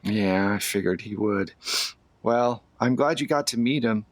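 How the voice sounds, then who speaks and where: A man voicing a tender, steady father who speaks softly to his child. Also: on the low side, unhurried, no room sound, pitched below the performer's own voice, lightly acted. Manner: soft, tender.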